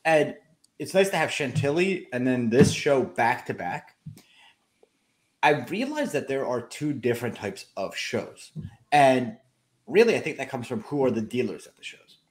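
A man's voice: medium pitch, expressive, normal speed. A man on a casual podcast, earnestly explaining his views as a sports card collector.

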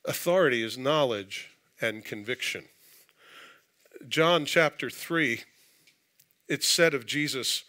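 Bright-voiced man preaching a sermon. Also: medium pitch, slow pace, long pauses. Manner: conversational preaching with asides and jokes. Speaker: pastor. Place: church sanctuary.

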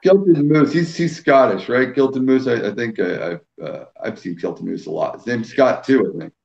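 Quebec man, host, playful ribbing, mid pitch, muffled lo-fi stream sound. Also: normal speed, creaky, darkish tone. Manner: teasing, jokey, reads out viewer names. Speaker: host of a live whisky stream. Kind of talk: casual live-stream banter.

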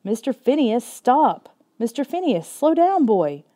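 Frantic yelling kid, woman reading him, mellow voice going way up. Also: on the high side, sing-song, measured pace, voice pushed up. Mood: panicked. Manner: shouting in panic after a dog. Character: mischievous boy who loves chemistry.

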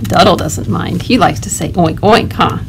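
A woman librarian leading a toddler storytime, reading a picture book aloud in a gentle, animated way. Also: fairly low pitch, normal speed, gravelly, noisy background. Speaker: children's librarian.

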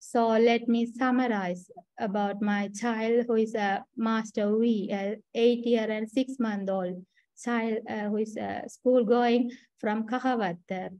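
A woman's voice: a little high, steady tone, takes it slowly, warm tone, no room sound, poor audio. A woman with a Sri Lankan accent giving a clinical case presentation, hesitant with many fillers and restarts. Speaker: trainee doctor presenting a case.

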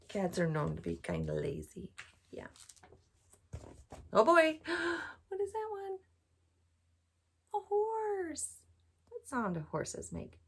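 A woman storyteller reading a picture book aloud for a bedtime program, gently asking children questions as she goes. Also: high-pitched, sing-song, slow, creaky, long pauses.

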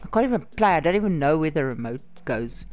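A hoarse woman giggling, swearing and shrieking with excitement through her let's-play commentary, over faint game music. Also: sits low, fast talker. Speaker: gamer.

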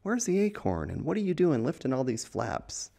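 A man voicing a puzzled little bird from a children's picture book, in a squeaky, questioning voice. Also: wildly swooping pitch, normal speed, gravelly, mellow, full character voice.

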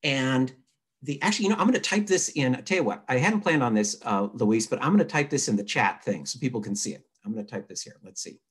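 A man, a newspaper editor, giving a relaxed, chatty writing lesson over a video call, reading example sentences aloud to show their rhythm. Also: mid-range voice, fast talker, slightly rough. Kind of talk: conversational online writing lesson. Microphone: computer mic on a video call.

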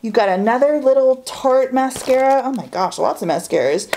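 A woman chatting excitedly through a beauty haul, gushing and saying "like" and "y'all" a lot. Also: a little high, moderate pace, few pauses, slight background noise. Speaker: beauty vlogger. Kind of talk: casual haul chat.

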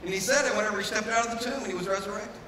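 High, bright preaching man in echoey hall. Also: rapid-fire, a little hiss or hum. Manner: preaching with rising fervor and repeated refrains. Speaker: pastor. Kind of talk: sermon. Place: church sanctuary. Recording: echoey hall, mic from a distance.

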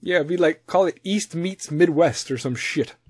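A man with a Chicago accent talks casually and swears freely, rambling from one thought to the next. His voice sits somewhat high, and the recording is close and dry. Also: normal speed, a little mellow, breathy edge, no room sound. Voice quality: loose, rambling, swears a lot, laughs at himself. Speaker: podcast host. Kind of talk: casual profane monologue.

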